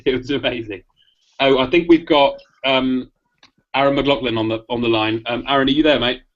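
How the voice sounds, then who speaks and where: A man from London hosting a live podcast, chatting fast and excitably and swearing freely. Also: medium pitch. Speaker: podcast host. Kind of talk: casual live podcast chat about boxing. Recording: lo-fi dull audio.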